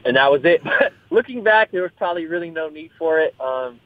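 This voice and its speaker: This young fighter from the US West Coast speaks briskly and expressively in a fairly high voice during a casual interview. He rambles, says things twice, and curses without restraint. The audio sounds tinny, like a phone call, but has no echo.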